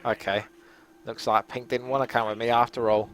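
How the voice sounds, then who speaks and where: A man's voice: mid-range voice, level tone, quick pace, a bit bright. A British man commenting on his game in a casual, cheeky and rambling stream chat, swearing freely. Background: game music.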